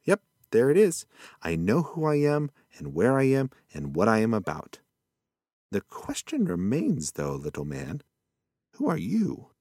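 A man's voice: medium pitch, huge pitch swings, a little slow, darkish tone, no echo, clean studio sound, heavily acted. A man voicing a forgetful old male possum who rambles in a folksy, muddled way. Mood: rambling.

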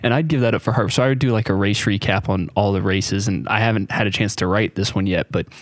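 A man's voice: on the low side, fast, no room sound. A man hosting a podcast over a remote call, telling rambling, friendly stories in casual chat. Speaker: podcast host.

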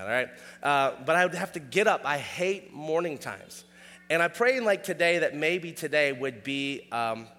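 Brief: male pastor, slightly high voice, chatty sermon delivery, long hall reverb. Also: sharp tone. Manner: casual, conversational, checks in with "all right?".

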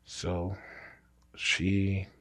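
A man's voice: deep voice, monotone, very slow, fairly bright tone, no echo. A man casually telling a personal story, rambling and restarting his sentences. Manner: rambling, repeats himself with false starts.

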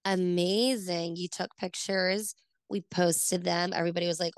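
Gravelly woman podcast co-host. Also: on the low side, fairly even intonation, normal speed, no echo. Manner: eager reactions and follow-up questions. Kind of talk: casual chat.

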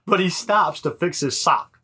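Bright-voiced man recapping a movie. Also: sits high, animated, measured pace, husky. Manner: profane, joking, recaps the plot. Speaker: podcast co-host. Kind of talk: casual movie recap chat.

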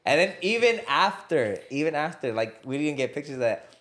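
A man's voice: on the high side, big pitch swings, brisk, fairly bright tone. A young adult man, a fighter and kids' coach, telling a story in a casual podcast chat and repeating "I was like.". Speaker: guest, fighter and kids' martial arts coach.

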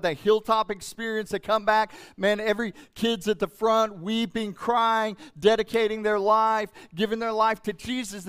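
A middle-aged man preaches a sermon with a somewhat high voice. His delivery is emotional and emphatic, swelling up and dropping back down as he drives home his points. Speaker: pastor.

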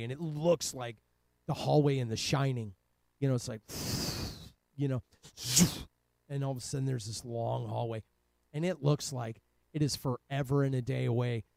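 A man's voice: medium pitch, gravelly, dark tone, no room sound. A man from Cleveland telling a rambling, profane personal story in a casual way, laughing often. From Cleveland, Ohio. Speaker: guest telling his life story.

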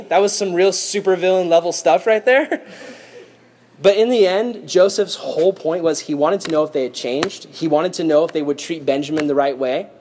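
A man preaching a sermon, retelling a Bible story with lively acted-out voices and frequent laughter. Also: a little high. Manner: animated, acts out voices, laughs often.

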